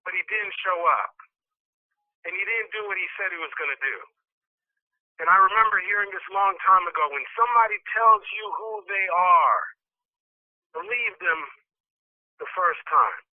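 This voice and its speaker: A man's voice: high-pitched, expressive, normal speed, long pauses, dry recording. A man giving a motivational talk through a story, acting out the dialogue with animation. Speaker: motivational speaker. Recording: tinny phone-like sound, dry.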